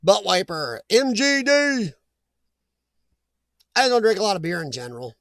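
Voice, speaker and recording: A man's voice: high-pitched, sing-song, a little slow, vocal fry, fairly bright tone, no echo. A middle-aged man hosting a live chat stream, rambling and joking as he reacts to viewers' comments.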